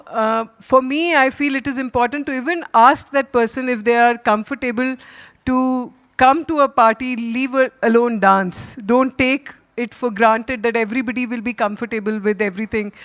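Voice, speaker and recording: A woman on a panel giving earnest, measured advice with frequent pauses. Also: on the high side, fairly bright tone. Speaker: panel guest, company leader. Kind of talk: panel talk.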